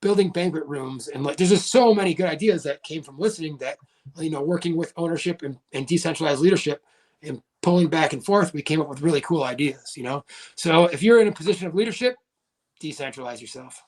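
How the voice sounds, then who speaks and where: A man's voice: on the high side, fast. A man in his thirties, a podcast guest, telling a story in a casual way with many "like" fillers.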